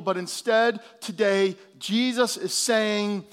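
A pastor preaching a sermon, swinging from hushed, low lines to loud, emphatic ones. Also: male voice, expressive, a little slow. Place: church hall.

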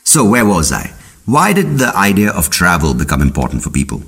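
Male podcast host, low voice, lively delivery, rambling comic monologue with puns. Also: a little fast, vocal fry, slightly rough. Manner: rambling, punning, jumps into silly voices. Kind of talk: comedic monologue.

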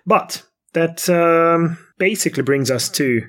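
A man co-hosting a podcast, speaking earnestly and thoughtfully with frequent hesitations. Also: a little high. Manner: earnest, thoughtful, hesitant fillers, quick to laugh. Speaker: podcast co-host. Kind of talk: casual podcast discussion.

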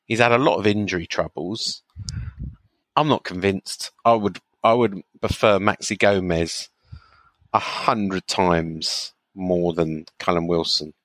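A man with a lowish voice answering questions on a chat podcast in a relaxed, easygoing way. He weighs his opinions out loud and chuckles along with his co-host. The recording is dry and close to the mic. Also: a little slow, no echo. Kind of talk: casual chat.

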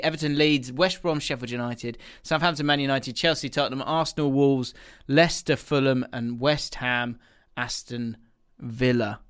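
A man's voice: medium pitch, fairly bright tone, smooth. A young man co-hosting a casual football podcast, laughing often and rambling as he reads out the fixtures. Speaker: podcast co-host.

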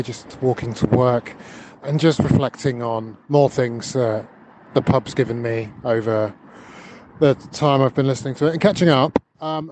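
A man's voice: mid-range voice, a little mellow, slight background noise. A man leaving a reflective, rambling phone message while walking outdoors to work. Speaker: caller.

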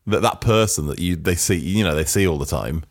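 A man's voice: deep voice, fairly quick, dry recording, clean studio sound. A man co-hosting a podcast, running a quiz in a teasing way and laughing often. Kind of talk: casual chat.

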